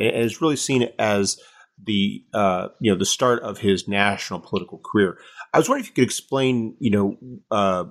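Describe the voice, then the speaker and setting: A man's voice: lowish voice, a bit bright. A male interviewer asking a long question, rephrasing as he goes.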